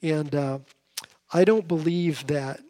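Male Bible teacher, voice on the high side, casual talk with many restarts. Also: slow, warm tone. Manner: conversational, with frequent restarts. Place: seated, with a drink at hand.

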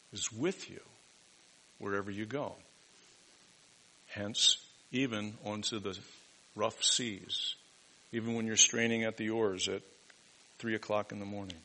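A man preaching a sermon, moving from hushed, reflective passages to loud, emphatic proclamations. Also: lowish voice, measured pace, long pauses, rough recording. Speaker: pastor.

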